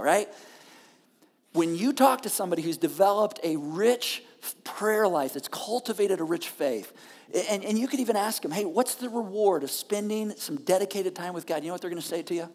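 A woman's voice: medium pitch, expressive, brisk, a little mellow, big-room sound. A woman pastor preaching a sermon on a church stage, talking in a conversational way with frequent check-ins to the listeners.

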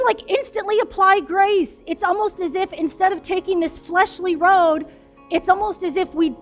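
A woman pastor giving a conversational storytelling sermon, chatty and self-deprecating, with lots of fillers. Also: very high-pitched.

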